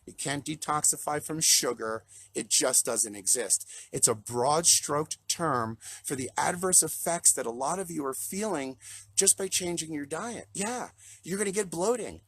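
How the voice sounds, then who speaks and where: A man's voice: a little high, expressive, a little slow, a bit bright, slightly rough. A man, a plant-based chef, talking earnestly and rambling to followers on a live video, choked up and close to tears. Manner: earnest, rambling, repeats himself when moved. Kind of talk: emotional live-stream talk to followers. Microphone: live video call.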